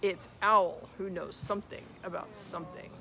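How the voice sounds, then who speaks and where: A woman voicing a gentle, humble bear of little brain, earnest and simple in a storybook reading. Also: lowish voice, steady tone, normal speed, gravelly, slight background noise.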